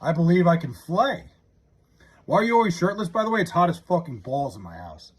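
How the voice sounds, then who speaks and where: A man livestreaming from his house, casually chatting and reading out viewer comments, loose and profane, drawling joke names slowly. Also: on the high side, sing-song, slightly rough. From New York area.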